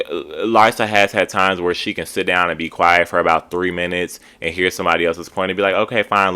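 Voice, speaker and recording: A man's voice: sits low, bright, forceful tone, clear, resonant tone. A man hosting a casual TV recap, talking in a chatty, opinionated way and saying "like" a lot. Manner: chatty, opinionated, heavy use of "like". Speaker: TV recap host.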